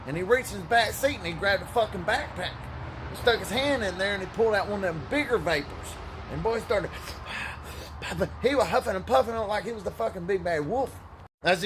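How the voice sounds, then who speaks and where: A man telling a story with profane, sarcastic humor and a loose drawl. His voice sits high for a man, and faint noise runs underneath it. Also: fairly quick, fairly bright tone. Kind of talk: comic anecdote.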